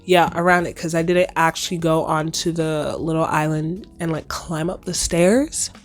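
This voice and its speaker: A young woman in her twenties hosting her own podcast, casually chatting in a slightly hoarse voice, playful and full of slang. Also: low voice, steady tone, moderate pace, faint music behind. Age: 20s. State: hoarse, recovering lost voice. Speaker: podcast host. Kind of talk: casual solo podcast chat.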